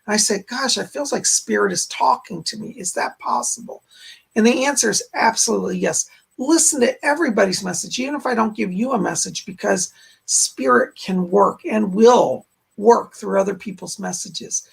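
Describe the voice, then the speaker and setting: A man hosting a psychic live stream with a hoarse voice that keeps going out, chatting to viewers and leading a guided meditation. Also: high voice, normal speed. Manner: speaks straight to viewers, frequent throat clearing. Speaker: psychic medium host.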